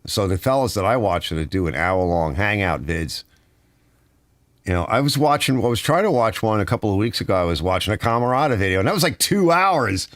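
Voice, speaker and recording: A man's voice: lowish voice, very animated, fairly quick, no echo. A man hosting a live stream, chatting casually and reading viewer comments aloud in a rambling way. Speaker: channel host reading live chat.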